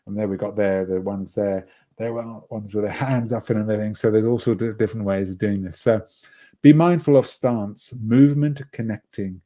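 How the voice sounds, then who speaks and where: Mellow-voiced man teaching presentation skills. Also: fairly low pitch, fairly even intonation, moderate pace. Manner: conversational, with frequent restarts and asides. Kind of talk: online lecture.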